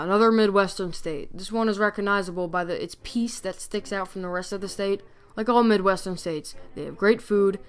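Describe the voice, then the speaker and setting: Chatty joking woman going over facts, smooth voice, bit of music under it. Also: mid-range voice. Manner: playful, jokey, chatty. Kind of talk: casual narration of facts.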